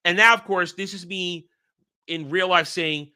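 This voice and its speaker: Guy ranting about a dream on his channel, kinda high, sharp edgy voice, keeps restarting. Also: measured pace, smooth. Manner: rambling, heated storytelling with frequent restarts. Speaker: channel host. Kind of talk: casual solo monologue recounting a dream.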